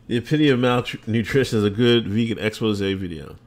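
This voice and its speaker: A man's voice: fairly low pitch, a little fast, darkish tone. A man hosting a casual livestream podcast, answering viewer comments with loose, joking, sarcastic asides and frequent laughs.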